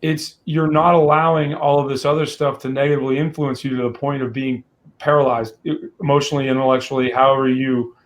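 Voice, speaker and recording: A man's voice: mid-range voice, flat delivery, quick pace. A man co-hosting a podcast, earnest and encouraging in casual chat. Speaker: podcast co-host.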